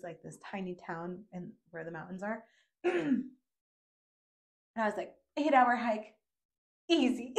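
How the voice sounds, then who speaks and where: Laid-back slangy woman podcast host. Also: medium pitch. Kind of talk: casual chat.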